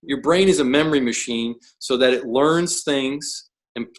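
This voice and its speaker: A man's voice: medium pitch, normal speed, poor audio. A man who is a professional coach, talking as a podcast guest in an emphatic, blunt way, full of rhetorical questions. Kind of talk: podcast interview.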